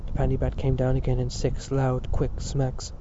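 A man narrating a literary audiobook in a steady, sober reading voice, on a dull lo-fi recording. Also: mid-range voice, moderate pace, slight background noise.

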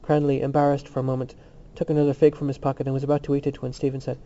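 Man reading a novel, steady pace, mellow voice, slightly muffled recording. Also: medium pitch, rapid-fire. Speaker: audiobook narrator. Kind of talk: scripted literary narration.

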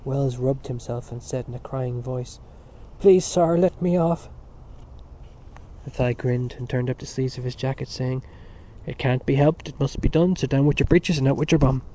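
A man's voice: mid-range voice, dark tone, muffled recording, slight background noise. A man reading a novel aloud as scripted narration, with a few slips and restarts. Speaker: audiobook reader.

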